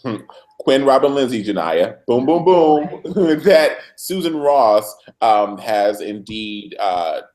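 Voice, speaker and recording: A man co-hosts a casual TV recap, telling the story with lots of energy. His pitch swings widely as he acts out the characters' lines. He sits at a mid-pitched, ordinary register. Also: slow pace. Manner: lively storyteller who puts on voices for characters. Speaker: recap show co-host. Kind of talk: animated casual chat, acting out scenes.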